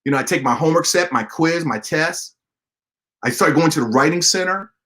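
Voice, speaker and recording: Animated male motivational speaker. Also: fairly high pitch, brisk. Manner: animated, acts out dialogue, addresses listeners directly. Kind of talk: motivational storytelling to an online audience.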